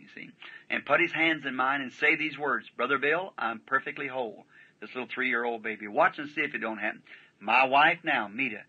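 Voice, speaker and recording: A man's voice: mid-range voice, bright, forceful tone, breathy edge. A man preaching a sermon, telling a story in a folksy, rambling way and often breaking in with "see?". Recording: dull lo-fi archival sermon tape.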